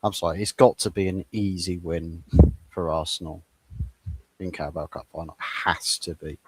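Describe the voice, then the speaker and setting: A man's voice: low-pitched, fairly even intonation, normal speed, fairly bright tone, slightly rough, no echo. A man giving opinionated football takes in a casual chat, often repeating words as he starts a thought. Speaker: co-host football pundit.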